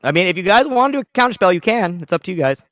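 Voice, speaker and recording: A man running a tabletop game as game master, narrating dramatically with sudden loud outbursts. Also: high-pitched, very animated, very fast.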